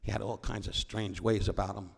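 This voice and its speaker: An older man, a New York comedian guest, delivers rambling, wisecracking stories on stage to a live audience, often interrupting himself. His voice sits on the low side, husky with vocal fry, and his delivery is flat and brisk.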